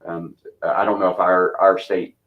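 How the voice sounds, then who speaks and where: A low-voiced pastor in his fifties, from Texas and with a light twang, tells unhurried stories about church missions. The audio is narrow and tinny, and his relaxed rambling keeps doubling back through fillers and restarts.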